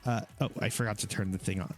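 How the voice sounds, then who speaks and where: A man casually introducing his streaming channel, rambling with fillers and self-deprecating asides. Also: lowish voice. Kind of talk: casual talking-head explainer.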